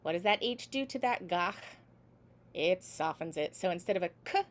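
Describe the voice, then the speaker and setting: A woman's voice: lowish voice, lively intonation, normal speed. A woman teaching a singing class over a video call, patiently sounding out each syllable for her students. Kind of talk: online class instruction.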